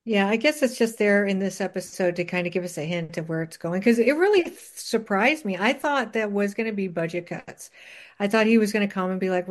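A woman in casual conversation, talking thoughtfully about what she noticed in a television episode. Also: medium pitch. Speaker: podcast co-host. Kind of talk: casual chat.

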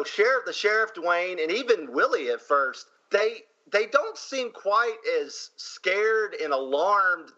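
A man's voice: a little high, bright, forceful tone, muffled recording. A man with a Southern accent co-hosting a casual movie discussion, chatty and laughing often between fillers. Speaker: podcast co-host.

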